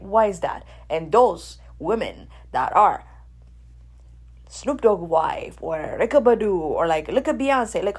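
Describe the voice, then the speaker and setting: A woman from Ethiopia, hosting a radio show in a blunt, animated monologue. She swears freely and keeps asking her listeners "right?". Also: medium pitch. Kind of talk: casual opinion monologue.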